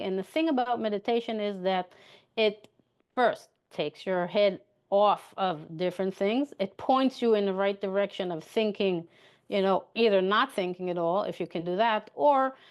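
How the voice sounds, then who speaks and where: A woman coaching her listeners on mindset in a relaxed, talkative way. She circles back to her points and keeps checking in with a quick "okay?". Her voice sits at an ordinary middle pitch for a woman. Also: lo-fi sound. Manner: chatty, repeats points, asks "okay?" for agreement. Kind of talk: motivational coaching talk.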